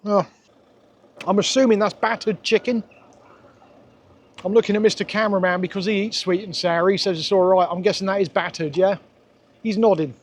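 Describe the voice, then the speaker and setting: High, husky-voiced man. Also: fairly even intonation, normal speed, long pauses. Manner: sarcastic, exasperated. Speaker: food reviewer. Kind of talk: casual vlog food review.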